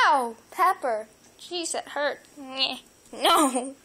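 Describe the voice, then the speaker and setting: Young woman, casual pet vlog, playful and giggly, high and swooping voice, phone recording at home. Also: expressive, takes it slowly, sharp tone, slightly rough, poor audio. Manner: playful, giggly, talks to her pets in silly sound effects. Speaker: vlogger filming her pets. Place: home indoors. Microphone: phone camera.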